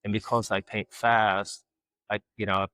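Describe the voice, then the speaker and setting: A middle-aged man from Alabama, a guest artist telling folksy stories in casual conversation and getting lively when he quotes people. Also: fairly low pitch, a little slow, clear, resonant tone, dry recording. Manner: folksy, animated when quoting others. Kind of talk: casual storytelling.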